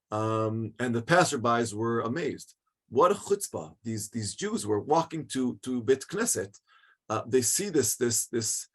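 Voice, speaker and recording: A man teaching a religious class as a rabbi, telling a story in an animated way with many restarts. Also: mid-range voice.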